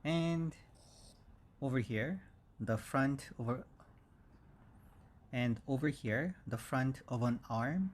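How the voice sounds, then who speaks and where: A man teaching English vocabulary, speaking slowly and repeating each word several times for learners. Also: mid-range voice. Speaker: English instructor. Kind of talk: slow vocabulary lesson.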